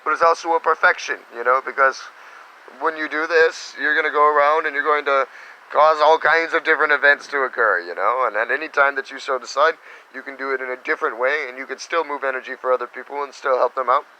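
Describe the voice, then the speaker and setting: A man teaching meditation in a casual spiritual talk, animated and slipping into little quoted voices. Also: medium pitch, fast talker, a little hiss or hum, rough recording.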